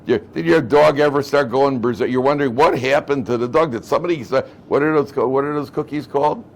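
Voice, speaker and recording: A man's voice: mid-range voice, fast, slight background noise. A man, a rabbi, giving a Torah lecture to a live class, talking conversationally, repeating phrases and acting out quoted speech in his stories.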